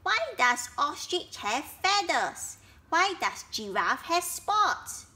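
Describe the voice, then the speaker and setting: A woman doing a squeaky, curious baby elephant. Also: very animated, slow pace, sharp tone, full character voice. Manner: eager, squealing questions. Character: curious, polite little baby male elephant.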